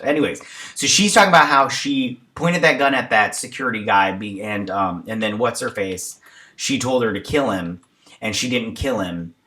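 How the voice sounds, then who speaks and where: A man's voice: mid-range voice, sharp tone. A man casually recapping a TV episode, rambling with many fillers and side tangents. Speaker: show reviewer.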